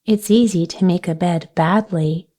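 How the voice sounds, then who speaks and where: A woman's voice: fairly low pitch, mellow. A woman voicing Rosie, a bossy practical girl. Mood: brisk. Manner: brisk, emphatic, a little scornful. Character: bossy practical young girl, takes charge.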